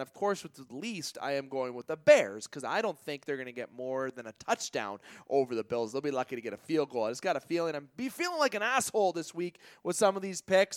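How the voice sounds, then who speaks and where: A man's voice: a little high, clear, resonant tone, dry recording. A man hosting a casual sports podcast, joking and self-deprecating as he runs through his picks. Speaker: podcast host.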